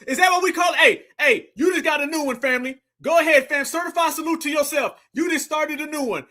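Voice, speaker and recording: A man hosting a livestream, reacting loudly and hyping up his viewers. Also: very high-pitched, fast, few pauses. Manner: loud, hyped, calls viewers fam. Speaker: livestream host reacting to clips. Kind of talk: hyped livestream commentary.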